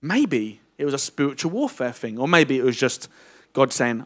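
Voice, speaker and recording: A middle-aged man preaching a lively, jokey sermon and teasing his congregation. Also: medium pitch, moderate pace. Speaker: pastor. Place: church hall.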